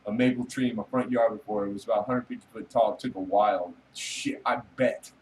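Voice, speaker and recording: A man's voice: lowish voice, fairly even intonation, quick pace, darkish tone, far from the mic, a little hiss or hum, low-quality recording. A man hosting a casual late-night livestream, rambling, joking and swearing casually with his viewers. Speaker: livestream host chatting with viewers.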